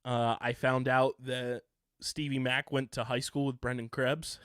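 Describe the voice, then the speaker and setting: Young guy cohosting a sports pod, smooth voice, dry mic, rambles thru name lists. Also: mid-range voice, flat delivery, measured pace, a bit bright, no echo. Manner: rambling, lists names with fillers. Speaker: podcast co-host. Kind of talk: casual sports chat.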